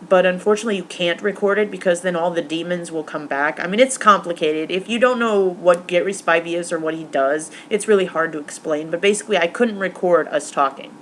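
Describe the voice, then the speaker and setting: Young woman vlogging, rambly with lots of ums, kinda low voice, faint hiss behind. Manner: rambling, many fillers. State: tearful, emotional; recovering from stomach flu. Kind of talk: casual vlog recap.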